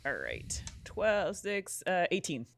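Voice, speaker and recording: Animated male player, lively pitch, playful. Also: slow pace, creaky. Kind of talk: playing a tabletop game.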